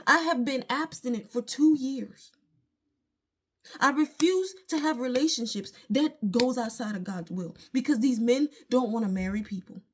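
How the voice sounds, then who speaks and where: A woman, venting her frustration emphatically to a phone camera at home. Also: on the high side. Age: late 20s. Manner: frustrated, emphatic ranting with religious asides. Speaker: vlogger. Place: at home, indoors.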